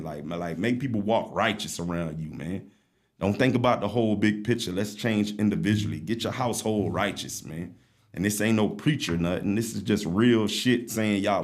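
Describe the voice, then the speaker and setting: Deep-voiced man preaching on a podcast. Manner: preachy, urgent, blunt and profane. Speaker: podcast host. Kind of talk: impassioned podcast monologue.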